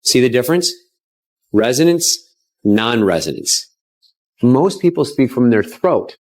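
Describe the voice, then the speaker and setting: A man's voice: medium pitch, sing-song, unhurried, darkish tone. A man who sounds like a voice coach, talking confidently in an instructional clip and explaining each step.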